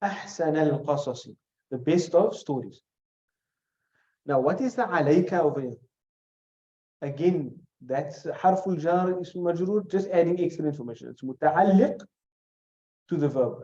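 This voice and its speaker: Male teacher with a fairly high, mellow voice that quizzes a class step by step, recorded in an echoey room. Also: lively intonation. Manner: explains step by step, quizzing students with questions; recites short Arabic phrases quickly. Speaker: Arabic grammar teacher. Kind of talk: classroom lesson. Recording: echoey room, dull lo-fi sound.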